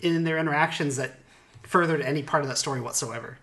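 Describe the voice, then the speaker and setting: A woman co-hosting a casual group chat, animated and laughing often as she picks apart an episode. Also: sits low, fast talker, a little hiss or hum. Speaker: podcast co-host.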